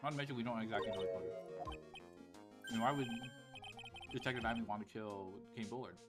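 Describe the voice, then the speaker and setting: A man's voice: lowish voice, fast talker, music in the background, close to an everyday voice. A man reading as an earnest young lawyer.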